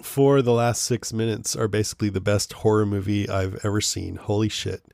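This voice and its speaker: A man's voice: on the low side, fairly even intonation, normal speed, creaky, a little mellow, no room sound, studio quality. A man hosting a podcast in casual chat, reading listener emails aloud and laughing often. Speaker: podcast host.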